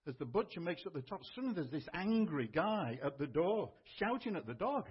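Husky conversational preacher man. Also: on the high side, big pitch swings, a little fast, highs cut off. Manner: conversational teaching, with fillers. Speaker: pastor. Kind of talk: sermon.

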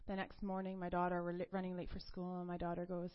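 A woman's voice: lowish voice, flat delivery, quick pace, few pauses. Woman preaching casual testimony style, chatty storyteller, laughs a lot, bit muffled recording. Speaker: speaker giving a testimony. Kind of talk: conversational sermon storytelling.

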